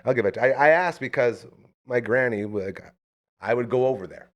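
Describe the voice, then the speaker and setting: A man hosting a casual live talk show, lively and joking as he hypes up his guests. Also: medium pitch, moderate pace, lo-fi sound. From Canada. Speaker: host.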